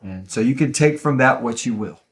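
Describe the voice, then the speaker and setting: A man of middle pitch talks loosely on a podcast mic and drifts from one thought to the next. He trips over words now and then and laughs at his own slips. The tone stays loose and friendly, never scripted. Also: moderate pace. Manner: laid-back, rambling, stumbles and laughs while reading. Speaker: podcast writer and host reading listener reviews. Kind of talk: casual podcast chat.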